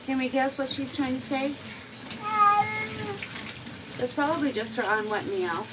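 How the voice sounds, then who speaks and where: A woman's voice: high voice, unhurried, heavy background noise. A woman cat groomer chatting on a live stream, cooing baby talk to the cat she grooms.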